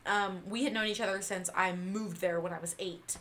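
A woman from Northern California telling animated childhood stories in a casual chat, acting out quotes with loud bursts. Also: mid-range voice, normal speed. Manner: animated, acts out quotes with loud laughing outbursts.

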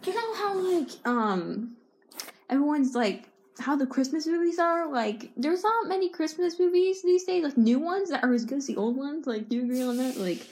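A rambling woman co-hosting a home video, chatting fast and loud and breaking into giggles. Her voice sits a bit high. She hops between topics at random. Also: animated. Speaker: co-host of a home video channel. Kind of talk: casual chat.

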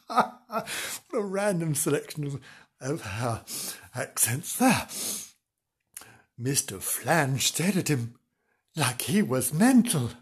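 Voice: medium pitch, big pitch swings, slow pace, pauses often, husky. A storyteller reading a comic storybook aloud, giggling and breaking off to joke about the story.

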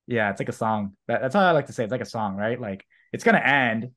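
A man in a casual podcast chat, talking haltingly with frequent restarts. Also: mid-range voice, lively intonation, a bit bright. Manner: halting, many restarts and fillers.

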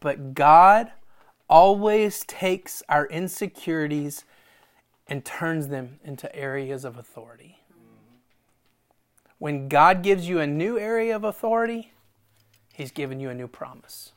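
Animated man preaching a sermon. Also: fairly high pitch, unhurried, pauses often. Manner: animated, acts out dialogue with God and Moses; self-deprecating asides. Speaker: pastor.

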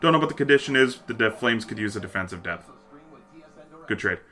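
A man's voice: fairly low pitch, lively intonation, bright, forceful tone, soft background music. A man co-hosting a casual sports talk show, swearing freely and reading out trade news in an offhand way. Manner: profane, offhand, reads news items quickly. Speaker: podcast co-host.

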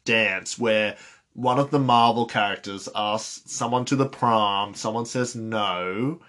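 A man's voice: on the low side, takes it slowly, fairly bright tone. A young man co-hosting a casual podcast, joking around and guessing answers playfully. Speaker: podcast co-host.

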